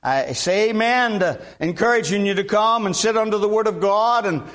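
A man's voice: sits high, moderate pace, fairly bright tone. An older man from Alabama, preaching a sermon in a folksy way with repeated amens. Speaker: guest preacher.

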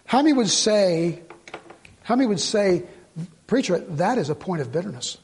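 A middle-aged man, a pastor, preaching a conversational sermon and quoting people in quick asides. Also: sits high, sing-song, darkish tone, slightly rough.

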